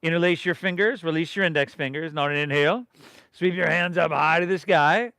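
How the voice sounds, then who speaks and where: A man's voice: a little high, brisk, sharp tone, clear, resonant tone, dry recording, clean studio sound. A middle-aged man from leading a live yoga class, giving rhythmic breath and pose cues with casual, encouraging asides. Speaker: yoga instructor.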